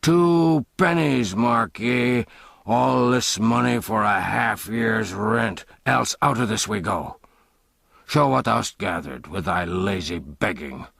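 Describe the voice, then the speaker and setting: A man's voice: mid-range voice, expressive, slow pace, creaky, fairly bright tone, no room sound, clean studio sound, pitched above the performer's own voice, heavily acted. A man voicing a brutal, mocking father in an audiobook, barking harsh commands. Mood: angry. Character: brutal, jeering drunken father, middle-aged man. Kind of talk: audiobook character voice.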